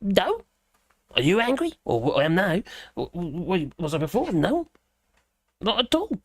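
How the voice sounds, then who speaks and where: On a livestream, a woman with a fairly low but wildly swooping voice reads out a news piece at a moderate pace, pausing for mocking, sarcastic comments. She hesitates and uses many fillers, captured in a dry, clean studio recording.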